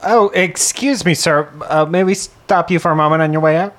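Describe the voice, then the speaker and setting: A woman's voice: on the low side, normal speed. A woman playing a courteous, earnest character in a tabletop game. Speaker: player. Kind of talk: in-character tabletop role-play.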